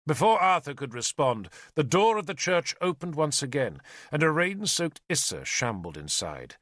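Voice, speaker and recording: A man narrating an audiobook in an expressive storytelling manner. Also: a little high, normal speed, few pauses, dry recording, clean studio sound.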